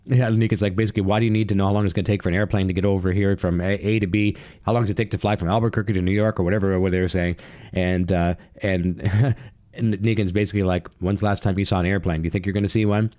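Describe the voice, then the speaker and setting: A man's voice: low-pitched, a little mellow, dry recording, studio quality. A man hosting his own channel, giving an enthusiastic, rambling recap full of fillers and restarts. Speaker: channel host. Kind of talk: casual TV recap monologue.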